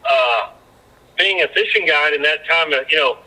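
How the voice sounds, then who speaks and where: A man's voice: on the high side, animated, normal speed, sharp tone, poor audio. A man who used to be a fishing guide, telling rambling anecdotes with many restarts as a podcast guest. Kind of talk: casual storytelling chat.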